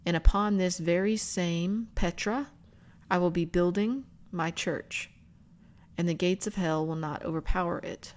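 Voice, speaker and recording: A woman hosting a book club video, explaining scripture and spelling out words in an unhurried teaching manner. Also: lowish voice, steady tone. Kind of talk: bible study teaching.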